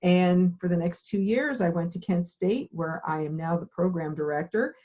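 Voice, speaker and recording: A middle-aged woman with a low, husky voice tells her career story in an interview. She slips into the voices of the people in it as she goes, lively and expressive throughout. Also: moderate pace, rough recording. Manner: animated storyteller acting out dialogue. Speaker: occupational therapy program director.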